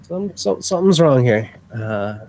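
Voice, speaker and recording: A man voicing his wary, street-smart male character in a tabletop game, halting and repeating words when unsure. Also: mid-range voice, very animated, poor audio. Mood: uneasy. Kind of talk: in-character tabletop role-play. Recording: clear background noise.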